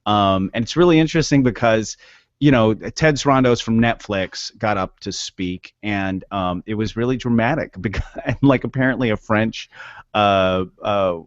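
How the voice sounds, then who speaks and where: Male co-host, lowish voice, rambling, dry lo-fi sound. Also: normal speed, no echo. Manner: rambling, hesitant, many fillers and restarts. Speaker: podcast co-host. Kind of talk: casual podcast chat.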